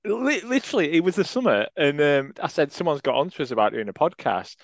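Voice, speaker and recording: A man's voice: a little high, expressive, fast, gravelly, dry recording. A man chatting on a casual football podcast, rambling wryly through jokes and asides. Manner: wry, rambling banter. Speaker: podcast co-host.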